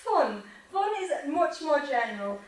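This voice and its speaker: High-voiced manchester lady teaching english, far off in a big echoey room. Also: moderate pace. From England. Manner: lively, joking, quizzes students by name. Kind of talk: classroom lecture with questions to students. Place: university lecture room. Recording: echoey lecture hall, voice from a distance, faint noise.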